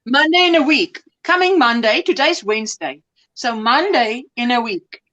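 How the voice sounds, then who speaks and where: A high-voiced woman chats playfully as a guest on a live stream. Her pitch is lively and swings widely. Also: normal speed, highs cut off. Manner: chatty, playful, tongue-twister teasing. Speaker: guest co-host. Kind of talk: casual live-stream chat.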